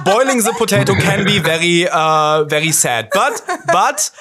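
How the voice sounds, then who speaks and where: Male co-host from Germany, high pitch, jokey and halting. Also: sing-song, heavy background noise. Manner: joking, halting with many restarts. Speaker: podcast co-host. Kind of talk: casual chat.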